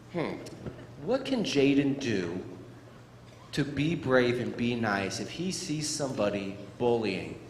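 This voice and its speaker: Motivational speaker, male, playful and high-voiced, heard in a reverberant hall. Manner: playful, acts out scenes for children. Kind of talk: animated school assembly talk. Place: school gym or auditorium. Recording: echoey hall, faint crowd noise.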